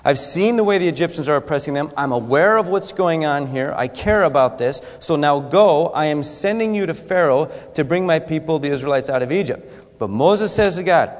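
A man's voice: fairly high pitch, animated, fairly quick, big-room sound. A man preaching a sermon in a conversational way, acting out scripture with asides. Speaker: pastor.

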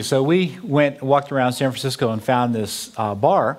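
A man's voice: medium pitch, normal speed. A man giving a talk to an audience, telling a humorous story full of quoted dialogue. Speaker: speaker on theology.

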